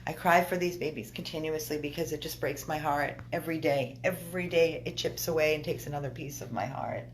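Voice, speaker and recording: A woman's voice: low-pitched, fairly even intonation, brisk, slight background noise. A tearful, upset woman giving an emotional video update to her viewers from an animal hospital exam room, pleading and repeating herself. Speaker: dog rescuer.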